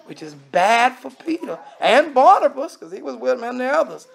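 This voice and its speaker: A man's voice: extremely high pitch, lively intonation, moderate pace, creaky, few pauses. A man preaching a sermon in a conversational way, often acting out the voices of the people he quotes.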